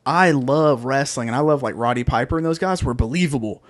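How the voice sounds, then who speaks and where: A man in casual podcast chat, excitable and slangy about his opinions. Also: mid-range voice, fairly quick, no room sound, clean studio sound. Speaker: podcast co-host.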